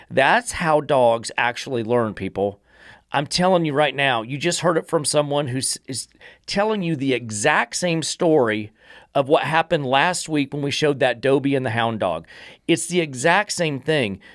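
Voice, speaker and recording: A man's voice: medium pitch, a bit bright, no echo, clean studio sound. A man who trains dogs and hosts a podcast, talking bluntly and emphatically and sometimes swearing. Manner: blunt, emphatic, swears, acts out dogs' thoughts. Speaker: dog trainer and podcast host. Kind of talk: casual podcast chat.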